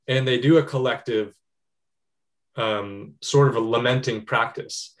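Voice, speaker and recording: A man's voice: mid-range voice, steady tone, measured pace. A man talking earnestly and reflectively in a casual conversation, piling up actions in long flowing lists.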